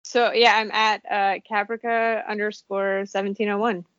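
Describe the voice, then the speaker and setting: A woman's voice: medium pitch, flat delivery, normal speed, fairly bright tone, no echo. A woman guesting on a podcast, chatting casually and self-deprecating. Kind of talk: casual chat. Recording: slightly muffled dry podcast audio.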